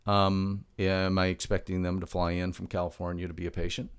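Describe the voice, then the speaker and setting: A man's voice: sits low, flat delivery, a little fast, clear, resonant tone. A middle-aged man talking as a health expert guest in a podcast interview, emphatic and fond of rhetorical questions, drifting into chatty anecdotes.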